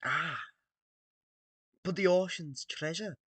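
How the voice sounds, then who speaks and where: A man's voice: a little high, a bit bright, slightly rough, dry recording, full character voice. Jack Sparrow, as a man plays him in a mock Scottish drawl. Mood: sly taunting. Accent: mock Scottish pirate drawl. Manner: slow, theatrical, teasing drawl. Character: sly swaggering male pirate captain.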